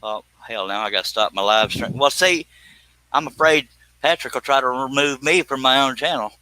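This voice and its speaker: Joking man with a bright voice. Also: medium pitch, normal speed, low-quality recording. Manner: joking, laughs often, thanks viewers by name. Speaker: live stream host. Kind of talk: casual live stream chat while woodworking.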